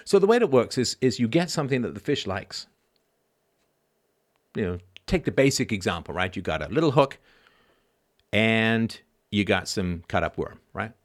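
A man in his fifties hosting a live show, talking in an animated, sarcastic way. He swings from quiet asides to loud, emphatic outbursts and keeps asking "right?". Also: fairly low pitch, moderate pace, long pauses. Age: 50s. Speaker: show host.

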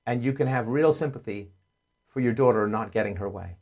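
A man hosting a call-in advice show, earnestly explaining and acting out gentle parent dialogue. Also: medium pitch, brisk.

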